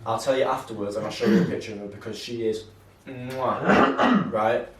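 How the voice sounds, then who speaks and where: A man's voice: mid-range voice, animated, moderate pace, a crowd in the background. Rambling young man, roomy and distant. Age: 20s. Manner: rambling, sweary, peppers lines with "yeah". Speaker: podcast co-host. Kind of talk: casual chat, storytelling. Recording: roomy, mic set far off.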